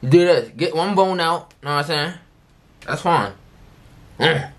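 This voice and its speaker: A young man reacting live with a lively, animated voice that jumps all over. His voice sits fairly high, and he bursts into loud, mocking outbursts. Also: measured pace. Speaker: reaction video host.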